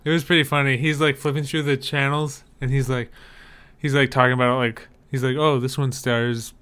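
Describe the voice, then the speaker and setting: Podcast co-host, man, smooth clear voice, speculative banter. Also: medium pitch, little pitch movement, brisk, sharp tone. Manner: joking, speculative. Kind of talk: casual chat.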